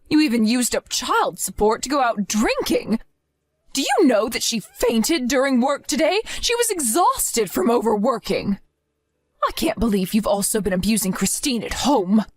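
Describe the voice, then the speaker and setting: A woman's voice: on the high side, no echo. Stern older grandmother played by a woman, scolding and demanding, dry close sound. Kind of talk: scripted story acting.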